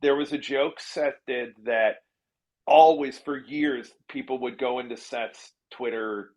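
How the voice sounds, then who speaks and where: A man's voice: medium pitch, a little slow, darkish tone. A man who writes television comedy, chatting casually in a podcast interview, often laughing at himself and restarting his sentences.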